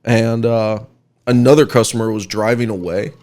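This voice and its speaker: A man co-hosting a podcast, chatting casually and telling a lively story with lots of "like" and "you know". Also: medium pitch, moderate pace. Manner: lively, chatty, with many fillers and restarts. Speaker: podcast co-host.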